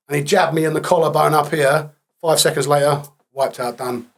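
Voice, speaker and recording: A man as a podcast guest, telling his story candidly in a blunt, matter-of-fact way with dark humour. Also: on the high side, steady tone, a little fast.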